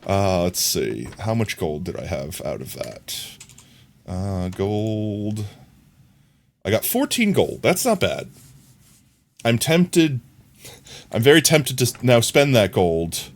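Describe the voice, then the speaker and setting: A man streaming a game live, chatting in a relaxed, rambling way and thinking aloud to his viewers. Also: on the low side, slow, gravelly, pauses often. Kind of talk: casual gameplay chat.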